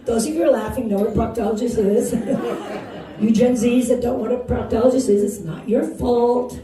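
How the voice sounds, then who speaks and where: Over music, a woman in her 60s from Wisconsin does a self-mocking stand-up set at a bar, chuckling as she delivers her jokes in a fairly high, steady voice at normal speed. The audio is distant and roomy, filled with the crowd's laughter.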